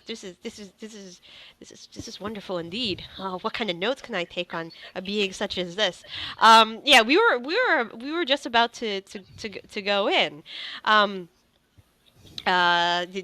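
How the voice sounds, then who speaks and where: Woman doing a high stammering bookish wizard guy, eager and clumsy, bright crisp voice, dry sound. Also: no room sound. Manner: stammering, breathless, high-pitched bursts. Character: excitable scholarly male wizard, clumsy and eager.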